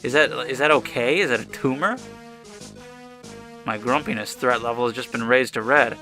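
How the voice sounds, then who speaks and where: A man giving casual commentary over a game, full of crude jokes and offhand asides. His voice is bright and clear, pitched at an ordinary middle. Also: normal speed, soft background music. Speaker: let's player.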